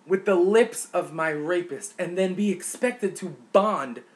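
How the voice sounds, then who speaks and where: A woman's voice: lowish voice, a little slow. A woman vlogger delivering an impassioned, indignant opinion rant, repeating words for emphasis.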